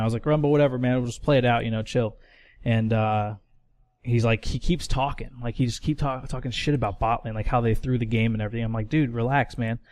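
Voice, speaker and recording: A man's voice: mid-range voice, darkish tone, no echo. A man co-hosting a casual podcast, telling a long story with lots of fillers, restarts and swearing. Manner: rambling, swears a lot, many fillers and restarts. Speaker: podcast co-host.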